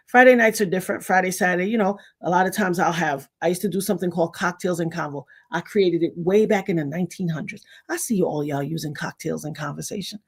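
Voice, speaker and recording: A woman's voice: lowish voice, breathy edge. A woman from Trinidad, a salon owner, hosting a casual live-stream monologue and telling stories with acted-out voices. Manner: animated storyteller who acts out quoted voices.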